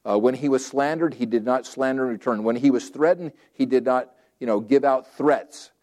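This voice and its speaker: A man's voice: medium pitch, moderate pace, darkish tone. A man preaching a sermon in a conversational, folksy way, acting out quotes and repeating phrases for emphasis. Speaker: pastor.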